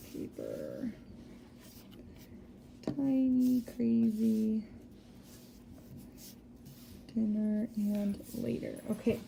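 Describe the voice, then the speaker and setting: A woman teacher giving a recorded spelling lesson, patiently explaining step by step and sounding out words slowly. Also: a little high, creaky, dark tone, a little hiss or hum. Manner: slow deliberate word-by-word sounding out.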